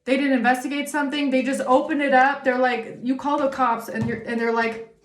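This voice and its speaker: A woman's voice: sits high, steady tone, fairly quick, reverberant. A woman giving a casual tarot reading monologue, blunt and profane, with indignant asides. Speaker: tarot reader.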